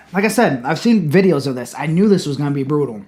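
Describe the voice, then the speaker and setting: A man casually reviewing a hot sauce on his channel, blunt and profane, with loud exclamations. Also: fairly high pitch, lively intonation, brisk.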